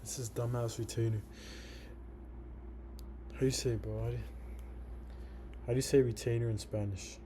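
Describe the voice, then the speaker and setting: Mellow-voiced guy with a slight lisp. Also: medium pitch, steady tone, normal speed, long pauses, a little hiss or hum. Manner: rambling, profane, says "bro" a lot. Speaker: day trader. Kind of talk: casual trade recap.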